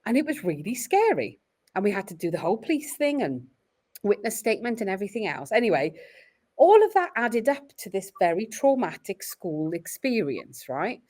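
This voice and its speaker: A woman's voice: mid-range voice, normal speed. A middle-aged Welsh woman talking openly and reflectively as a parent in a podcast conversation. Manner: earnest, reflective, expressive storytelling.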